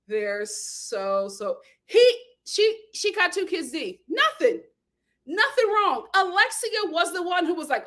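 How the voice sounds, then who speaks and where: Woman, high-pitched, casual recap chat, animated, laughing. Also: a little slow. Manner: animated, acts out quotes, laughs often. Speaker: reality TV commentator.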